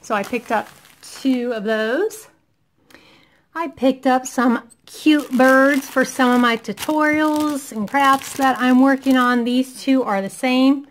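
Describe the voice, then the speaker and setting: Woman, thirties, casual haul vlog, enthusiastic, slightly higher voice, unhurried, losing her voice a bit. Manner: chatty and enthusiastic, gushing over finds. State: losing her voice, clearing throat. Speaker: vlogger showing a shopping haul.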